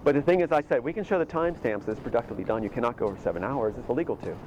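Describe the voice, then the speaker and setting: A man's voice: medium pitch, lively intonation, racing, a little mellow, lo-fi sound. Rambling man on a noisy clip. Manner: rambling with stammered restarts. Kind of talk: recounting events in casual talk.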